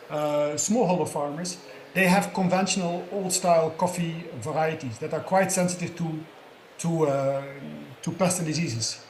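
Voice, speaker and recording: A man's voice: a little high, roomy sound, a little hiss or hum. A man speaking as a panelist, explaining in a conversational way and often checking in with tag questions. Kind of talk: conference panel talk.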